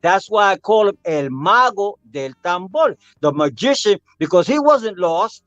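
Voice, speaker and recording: An older man, a percussionist, telling a story with animated energy, acting out voices and singing rhythms. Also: high-pitched, measured pace, no echo, muffled recording, faint music behind. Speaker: percussionist guest. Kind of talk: storytelling interview.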